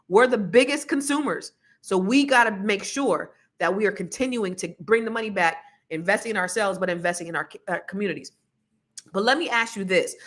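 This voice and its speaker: A woman hosting a podcast with a bright, clear voice at a middle pitch. Her talk is loose and lively, and she slips into laughing asides. Her delivery feels conversational, not scripted. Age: adult with children. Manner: chatty, laughs often, quick asides. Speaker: podcast co-host.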